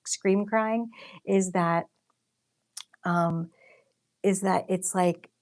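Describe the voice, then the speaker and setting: Painting on her livestream, a young artist and host speaks extremely slowly in a low voice with fairly even intonation. She tells a filler-heavy story in a relaxed, chatty way and reads out comments from viewers.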